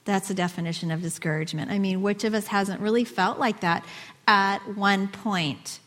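A woman's voice: mid-range voice, fairly even intonation, normal speed, fairly bright tone, big-room sound. A woman giving a conversational sermon, reading scripture and asking her listeners questions. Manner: conversational, asks the audience questions, reads scripture aloud. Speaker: preacher.

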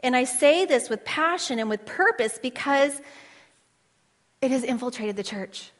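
A woman preaching to a room of women, her voice pitched a little high. She talks with fervent passion, rising into loud declarations and then dropping to hushed asides, and asks her audience questions. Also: animated, a little slow, big-room sound. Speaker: women's Bible teacher. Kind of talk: passionate sermon.

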